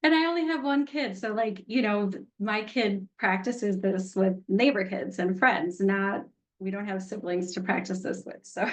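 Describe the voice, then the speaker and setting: Woman, middle-aged, workshop teacher; casual, candid, light laughs. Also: medium pitch. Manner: chatty, candid, laughs easily. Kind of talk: teaching an online class.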